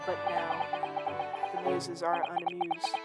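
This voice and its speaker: A woman voicing a gloomy, theatrical male detective, speaking low, quiet and mournful. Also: completely flat delivery, slow, over loud music, rough recording.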